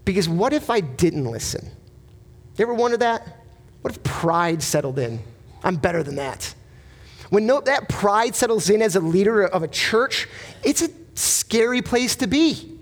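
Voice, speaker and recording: Male pastor, high voice, earnest emphatic sermon delivery, rhetorical questions. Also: very animated, normal speed.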